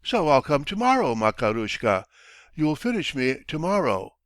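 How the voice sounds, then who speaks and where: Give me a man playing a smug older townsman, pitched up, brushing others off briskly. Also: very animated, fairly bright tone, dry recording. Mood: coaxing. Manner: brisk, dismissive, bossy. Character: older male townsman, blunt and self-satisfied. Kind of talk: audiobook character voice.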